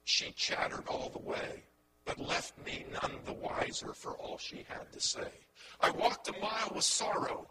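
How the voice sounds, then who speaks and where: High-voiced impassioned male preacher. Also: unhurried, heavy background noise. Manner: impassioned, shifting from hushed to loud; repeats words when building a point. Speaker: pastor. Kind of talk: sermon.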